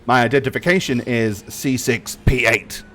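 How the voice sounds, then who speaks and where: A man's voice: mid-range voice, normal speed, fairly bright tone, close to an everyday voice. A man voicing a prim, formal male protocol droid who speaks with stiff politeness and precise diction. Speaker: droid character voiced by the game master.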